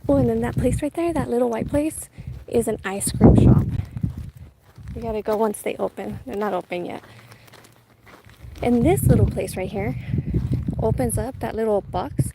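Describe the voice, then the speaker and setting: A woman's voice: a little high, moderate pace, gravelly, long pauses. A woman chatting casually on a food vlog, laughing often and retelling what others said, outdoors on a street. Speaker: food vlogger. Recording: noisy outdoor street sound. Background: street noise and wind.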